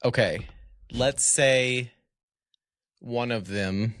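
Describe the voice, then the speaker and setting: A man on a podcast, asking halting, curious questions in casual chat. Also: mid-range voice, fairly bright tone, no echo, studio quality. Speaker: podcast guest.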